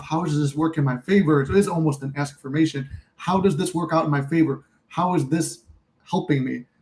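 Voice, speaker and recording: A man's voice: a little high, darkish tone, rough recording. A man hosting a casual livestream, talking candidly in a rambling way, cursing freely and reading out and answering viewer comments. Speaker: livestream host.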